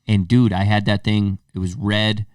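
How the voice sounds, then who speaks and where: A man's voice: fairly low pitch, little pitch movement, moderate pace, a little mellow, no room sound, studio quality, recorded from a distance. A man co-hosting a podcast, chatting casually and telling loose, profane stories. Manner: loose, storytelling, swearing freely. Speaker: podcast co-host. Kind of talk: casual chat.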